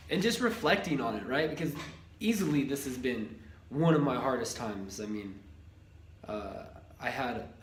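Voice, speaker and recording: A man's voice: on the low side, a little hiss or hum. Laid-back young man in an echoey room. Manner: rambling, swears casually, laughs often. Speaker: lifestyle vlogger. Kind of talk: casual storytelling vlog. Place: shared house in a ski town.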